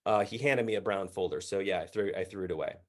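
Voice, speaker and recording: A man's voice: sits low, fast, pitched below the performer's own voice, close to an everyday voice. A man voicing an offhand male flight attendant inside a spoken story, close to his own voice.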